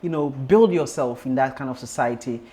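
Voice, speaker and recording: A man hosting an interview, speaking softly and backing the guest with quiet murmurs of agreement. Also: medium pitch, moderate pace, slight background noise. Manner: soft-spoken, many quiet affirming murmurs. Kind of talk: casual interview.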